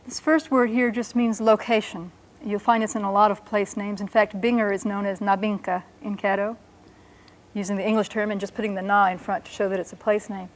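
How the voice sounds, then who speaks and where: A woman teaching a language lesson, explaining patiently and sounding out words slowly and carefully. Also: mid-range voice, level tone.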